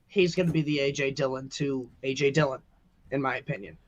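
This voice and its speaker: A man's voice: medium pitch, steady tone, fairly quick, dull audio. A man co-hosting a podcast, chatting casually and joking, often laughing. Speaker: podcast co-host. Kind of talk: casual sports chat.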